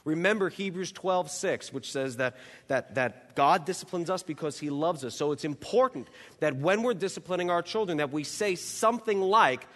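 A man with a slightly high voice preaches a sermon, earnest and emphatic as he works through numbered points. His voice rings out in a church hall with a long, trailing reverb. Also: expressive, moderate pace, a bit bright.

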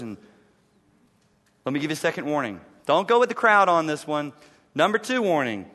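A male pastor preaching a sermon in a church, emphatic, repeating key lines and dropping to a low, intense hush. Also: long reverb tail. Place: church sanctuary.

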